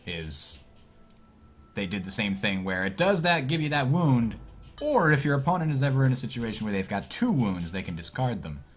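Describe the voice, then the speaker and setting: A man casting a card game tournament, thinking out loud and reacting with puzzled surprise. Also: on the low side. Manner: thinks aloud, puzzled and animated. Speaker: tournament commentator. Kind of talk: casual game commentary.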